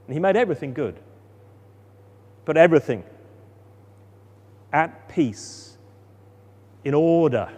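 Male preacher, lively expressive delivery, high-ish voice, reverberant hall sound. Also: slow pace, pauses often. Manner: expressive, rising for drama and dropping soft for calm. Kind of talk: sermon.

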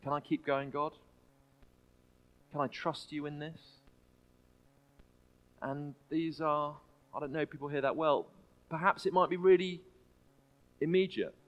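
Earnest male preacher with halting restarts. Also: a little high, steady tone, highs cut off. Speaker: pastor. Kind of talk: sermon. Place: church.

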